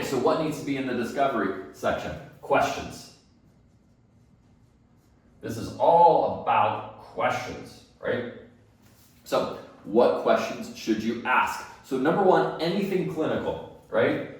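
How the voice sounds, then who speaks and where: A man's voice: mid-range voice, animated, measured pace, recorded from a distance. A man teaching dental staff phone skills, emphatic, asking and answering his own questions. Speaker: dental practice phone coach. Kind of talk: instructional talk. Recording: very echoey room, set back from the mic.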